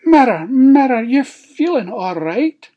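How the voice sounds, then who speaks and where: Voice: mid-range voice, sing-song, takes it slowly, dull audio, voice pushed up. A Scottish storyteller voicing a vain, furious wicked queen in a read-aloud fairy tale. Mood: haughty.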